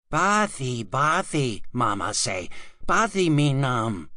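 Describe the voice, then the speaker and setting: A man narrating an audiobook in a halting, sing-song, childlike manner with close studio miking. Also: medium pitch, lively intonation, a bit bright, dry recording.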